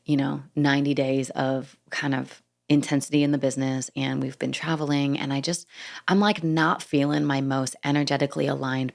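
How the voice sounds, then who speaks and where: A young adult woman hosts her own podcast alone, talking in a low voice with a gravelly edge. She rambles in a loose, chatty way, scattering fillers and acting out bits of conversation as she goes. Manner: chatty, lots of "like" fillers, acts out dialogue. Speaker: podcast host. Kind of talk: casual solo storytelling.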